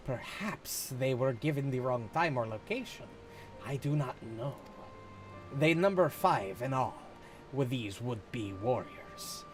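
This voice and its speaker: A man reading game dialogue aloud, voicing a stilted resistance trainer in a put-on accent with slow, formal, archaic phrasing. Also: mid-range voice.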